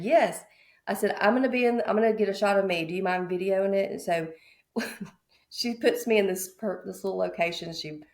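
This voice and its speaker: Mississippi realtor woman, gravelly low voice, animated podcast storyteller. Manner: animated, acts out quoted voices. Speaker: realtor guest.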